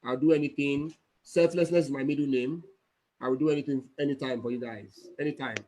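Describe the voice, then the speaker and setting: A man's voice: medium pitch, fairly even intonation, a little fast, dark tone. A man from Nigeria giving an emphatic, repetitive motivational speech as a network marketing mentor over a video call.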